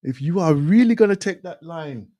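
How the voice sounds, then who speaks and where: A man's voice: fairly high pitch, animated, normal speed, dark tone, no room sound. Emphatic male talk radio host. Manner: emphatic, repeats phrases for stress. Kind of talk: impassioned talk radio monologue.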